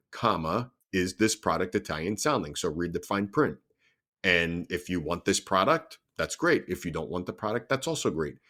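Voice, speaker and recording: A man's voice: low voice, fairly bright tone. A young adult man hosting a solo podcast, talking earnestly and explaining things step by step, often restarting his sentences. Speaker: podcast host.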